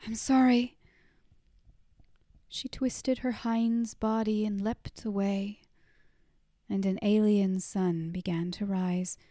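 A woman narrating a story in a soft whispered role-play, hushed and unhurried. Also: mid-range voice, fairly even intonation, dry recording, clean studio sound.

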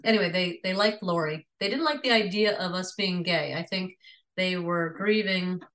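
Frank, low-voiced woman in her sixties. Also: normal speed, a bit bright, poor audio. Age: 60s. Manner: frank, conversational. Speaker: retired teacher, interviewee. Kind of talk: personal storytelling.

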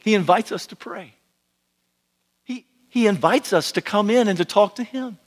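A man preaching a sermon, emphatic and repetitive, who asks rhetorical questions and slows to a hush on key points. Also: high-pitched, long reverb tail. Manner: drops to quiet, slow delivery on key points. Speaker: pastor.

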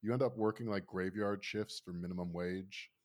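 A man's voice: sits low, fairly even intonation, normal speed, darkish tone. A man in his thirties, from Florida, telling a rambling, wry story in casual chat.

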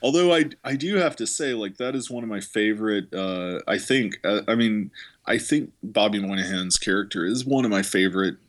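A man's voice: fairly low pitch, expressive, moderate pace. A man co-hosting a movie podcast, ranting casually with lots of swearing and filler words. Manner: profane, rambling rants with many fillers. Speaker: podcast co-host.

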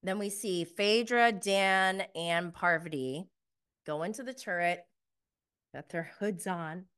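Woman vlogger recapping a show; slow, bright, emphatic delivery, laughs easily. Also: fairly low pitch, clear, resonant tone. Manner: chatty, emphatic, laughs often, filler "like". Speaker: TV recap reviewer. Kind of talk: casual recap commentary.

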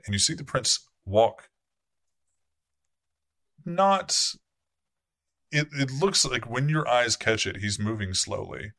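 A man running a tabletop role-playing game, narrating casually with frequent restarts and corrections. His voice is slightly low but bright and forceful, with a dry, close recording. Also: moderate pace, vocal fry, few pauses, no echo. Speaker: game master.

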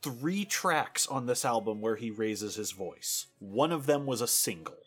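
A man chatting on a podcast in a dry, cutting way. His pitch swings widely as he talks, and soft music plays faintly behind him. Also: lively intonation, a little slow, husky. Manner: dry, sarcastic critic. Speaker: podcast co-host. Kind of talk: casual chat.

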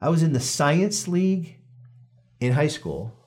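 Animated, joking male podcast host. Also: a little high, measured pace. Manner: animated, joking, often restarts and corrects himself. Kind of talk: casual podcast chat reading through a study.

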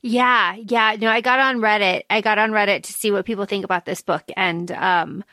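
A woman's voice: mid-range voice, fairly even intonation, moderate pace, pushed and bright, no echo, clean studio sound. A woman co-hosting a podcast, blunt and profane, repeating phrases for punch as she discusses a book. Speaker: podcast co-host.

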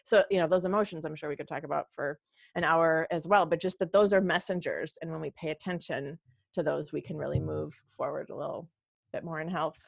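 A woman guest on a podcast, talking casually and chatting with a quick laugh. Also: deep voice, steady tone, creaky, no echo, studio quality. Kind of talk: casual conversation.

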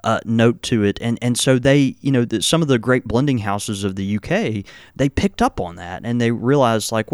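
Unhurried man explaining with many fillers. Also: mid-range voice, expressive, smooth, no room sound, clean studio sound. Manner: halting, many fillers and restarts. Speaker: podcast host. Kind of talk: casual explanatory chat.

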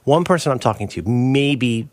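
A man's voice: medium pitch, lively intonation, moderate pace, no echo. A middle-aged man riffing playfully as a podcast co-host in casual chat.

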